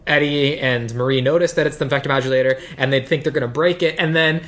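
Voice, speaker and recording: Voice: medium pitch, steady tone, fast, a bit bright. Laid-back co-host narrating a plot. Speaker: podcast co-host. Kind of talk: casual chat recapping a movie.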